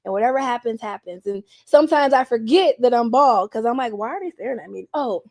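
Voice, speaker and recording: A brisk young adult woman with a voice on the high side appears as a guest in an interview. Animated and quick to laugh, she recounts candid stories and acts out what people told her.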